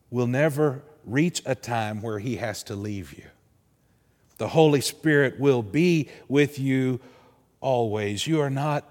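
A man preaching a sermon as pastor, earnest, slowing and softening his voice to stress key words. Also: fairly high pitch, long reverb tail. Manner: earnest, slows and softens for emphasis.

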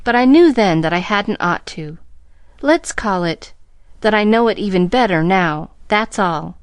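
A woman's voice: medium pitch, lively intonation, unhurried, smooth, no echo. A woman reader voicing a troubled young woman who speaks hurriedly and insistently, with rustic grammar.

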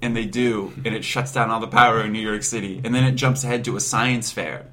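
A man's voice: on the low side, fairly even intonation, a little fast, pushed and bright. Laughing man recapping a movie. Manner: rambling, laughs often, acts out quotes in his own voice. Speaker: podcast host. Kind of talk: casual chat recapping a movie plot.

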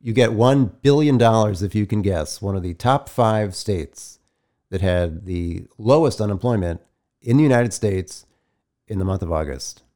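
A man's voice: lowish voice, animated, mellow. A man co-hosting a podcast in casual chat, dry in manner, running a quiz while sounding a little sick. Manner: dry, runs a quick quiz game. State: sick, slightly choked voice. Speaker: podcast co-host.

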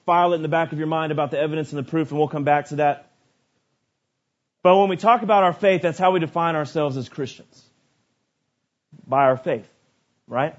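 A man preaches a sermon in a notably high voice. He swings from rising, shouted lists to quiet, low asides. The recording sounds dull and lo-fi.

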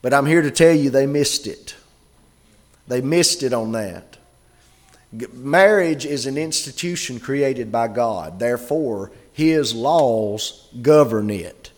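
A man preaching a sermon in a conversational way, reading scripture aloud slowly. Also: medium pitch, lively intonation. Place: church gathering.

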